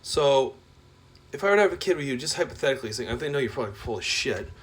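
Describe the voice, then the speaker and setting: A man talking in a rambling, profane monologue rant. He is full of filler words and swings between loud outbursts and low mutters. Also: lively intonation, quick pace. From Canada.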